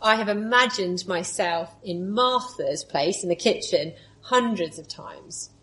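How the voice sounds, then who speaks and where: Expressive woman preaching a sermon. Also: lowish voice, unhurried, low-quality recording. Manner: expressive, moves between lively storytelling and soft, hushed reflection.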